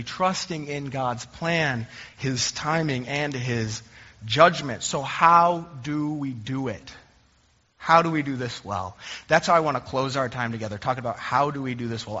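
A man's voice: on the high side, a bit bright. A young adult man preaching a sermon as a pastor, telling humorous, self-deprecating stories in a conversational way. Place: church sanctuary. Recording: dull recording in a reverberant hall.

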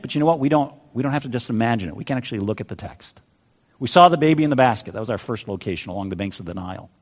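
Animated male preacher in a reverberant hall. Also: medium pitch. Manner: dramatic, animated, swings from loud to soft. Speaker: pastor. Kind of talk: sermon. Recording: dull sound, long hall reverb.

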